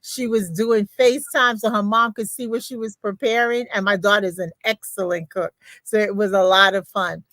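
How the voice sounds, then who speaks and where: An older woman, a grandmother and beauty consultant, chatting on a livestream in an animated, emphatic storytelling manner. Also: mid-range voice, moderate pace, no echo. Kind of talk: livestream testimonial chat.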